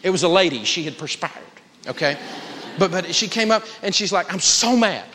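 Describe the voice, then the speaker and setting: A man's voice: high voice, animated, brisk, bright, forceful tone, slight background noise. Emphatic man lecturing in a hall. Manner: emphatic, humorous, folksy storytelling. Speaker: personal finance teacher. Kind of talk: live lecture to an audience.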